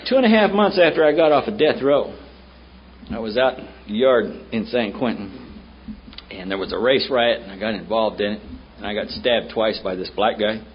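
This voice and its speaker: A man's voice: fairly low pitch, normal speed. A man with a Southern American accent, speaking bluntly and with profanity at a recovery meeting. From United States. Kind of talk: storytelling talk at a meeting. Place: meeting room. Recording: muffled old tape with faint hiss.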